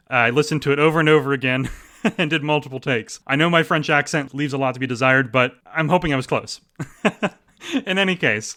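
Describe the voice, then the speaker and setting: Bright and forceful, this mid-range male voice belongs to a podcast host in his thirties. He chats eagerly about stories he liked, cracking jokes at his own expense as he makes casual recommendations with self-deprecating enthusiasm.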